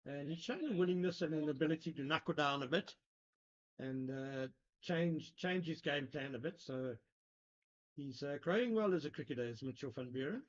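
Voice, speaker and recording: A man's voice: a little high, normal speed. Chatty analytical male cricket commentator. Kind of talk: live sports commentary. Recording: lo-fi broadcast sound.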